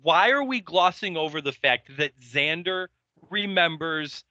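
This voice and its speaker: A man's voice: fairly high pitch, lively intonation, unhurried, sharp tone, no room sound. A man co-hosting a casual podcast. He agrees often with "right" and restarts his sentences while making a point. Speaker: podcast co-host. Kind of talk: casual recap chat. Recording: dull lo-fi mic.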